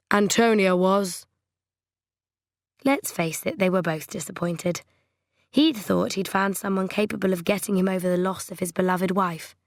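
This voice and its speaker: A woman reading a novel aloud in a measured, wry storytelling manner. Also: medium pitch, vocal fry, no echo, studio quality. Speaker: audiobook narrator. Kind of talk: scripted narration.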